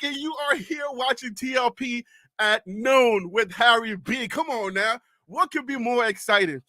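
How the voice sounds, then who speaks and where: A middle-aged man with a Liberian accent hosts a live stream loudly, hyped and shouting names from the chat, often out of breath. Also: very high voice, a little slow, no echo, studio quality. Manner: loud, shouty, hyped, talks to chat by name. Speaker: live show host.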